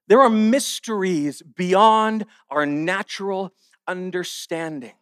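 Man preaching at church, high voice, jokey then earnest, dry close sound. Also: moderate pace, long pauses, no echo. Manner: jokey with the crowd, then earnest preaching that swings between hushed and forceful. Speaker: guest speaker. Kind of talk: sermon. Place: church service with a live audience.

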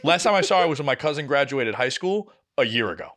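A young man, telling a story on a podcast in casual, animated style, swearing often and acting out the people he quotes. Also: mid-range voice, fast. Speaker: podcast co-host.

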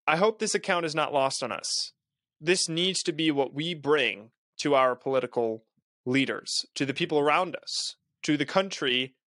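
A man's voice: medium pitch, a bit bright, no echo, clean studio sound. A young man hosting a podcast, reading a Bible passage aloud and breaking off into earnest, casual commentary. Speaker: podcast host.

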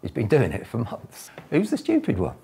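A man's voice: medium pitch, wildly swooping pitch, moderate pace, gravelly, warm tone, slightly rough, pitched above the performer's own voice, heavily acted. A man voicing a clever, cheeky street kid in a joke. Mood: smug. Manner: cheeky, smug.

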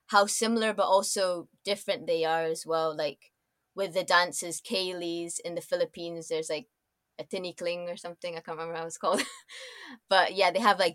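A woman guest on a casual podcast with a lowish voice and dry, close sound. She rambles through her answers, full of "like" fillers, and her phrases trail off softly. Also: dry recording. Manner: rambling, many likes and soft trailing-offs.

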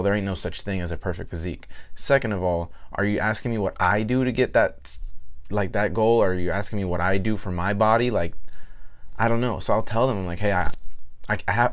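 A young man, a personal trainer, talking bluntly and candidly on his own podcast, full of fillers and restarts. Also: sits low. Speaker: podcast host. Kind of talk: casual solo podcast talk.

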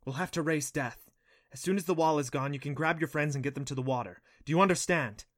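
A man's voice: on the high side, expressive, a bit bright, dry recording, clean studio sound. A man doing an urgent banshee girl. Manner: quick and commanding. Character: wild red-haired banshee girl, urgent.

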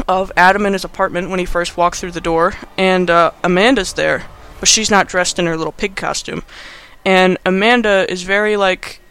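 A man hosting a podcast, casually recapping a film in a rambling, animated way with many fillers. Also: high-pitched, clean tone. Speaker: podcast host.

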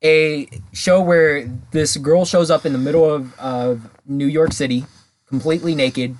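A young man with a slightly high voice, chatting eagerly with a friend and recommending a show. A faint noise sits under his voice. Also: steady tone, unhurried. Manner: enthusiastic, short replies and describing a show. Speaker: podcast co-host. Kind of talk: casual chat. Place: home.

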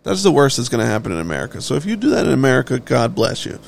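Brief: male solo host, gravel in the voice, profane offhand rant, faint hiss behind. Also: mid-range voice, huge pitch swings, very fast. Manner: blunt, heavily profane, offhand. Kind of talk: casual ranting monologue.

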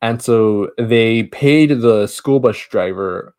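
A man's voice: medium pitch, takes it slowly, darkish tone, clear, resonant tone. A man co-hosting a podcast, casually retelling a horror film's plot with many restarts and asides. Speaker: podcast co-host. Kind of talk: casual movie review chat.

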